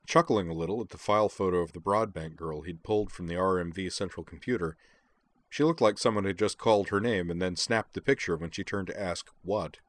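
A man narrating a story in a steady audiobook style. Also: low-pitched, no room sound.

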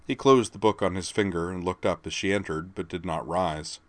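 Low-voiced man narrating a story. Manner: measured, even storytelling. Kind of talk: audiobook narration.

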